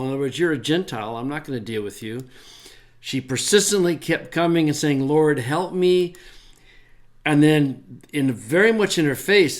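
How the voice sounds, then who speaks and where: A man teaching a Bible lesson in a conversational way, getting emphatic when he quotes verses. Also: fairly high pitch. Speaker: Greek scholar teaching.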